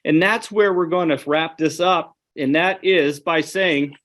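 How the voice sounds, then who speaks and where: A man's voice: on the high side, measured pace, a bit bright. A man giving an online webinar presentation, earnest and conversational, speaking straight to his audience.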